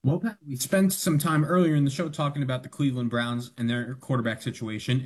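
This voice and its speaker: A male radio producer sets up a debate topic in a measured, informative way. His voice is mid-pitched with a husky edge. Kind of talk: reading a segment prompt.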